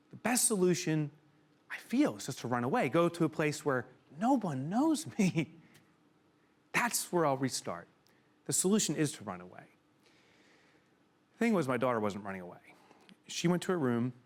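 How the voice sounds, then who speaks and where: A middle-aged man giving a keynote to a live audience in a room, telling a personal story with emotion and sudden loud exclamations. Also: fairly high pitch, big pitch swings, moderate pace, pauses often. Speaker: keynote speaker.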